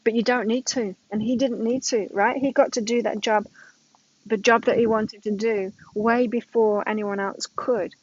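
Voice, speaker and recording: A woman's voice: fairly high pitch, fairly even intonation, normal speed, darkish tone, husky, dry recording, highs cut off. A middle-aged woman giving a casual weekly tarot reading, emphatic, repeating her points and telling stories to make them. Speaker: tarot reader.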